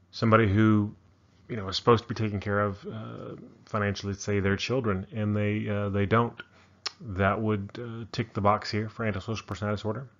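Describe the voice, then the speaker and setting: A man with a low-leaning voice gives a casual narrated psychology lecture, thinking aloud with lots of ums and restarts. The audio is dull.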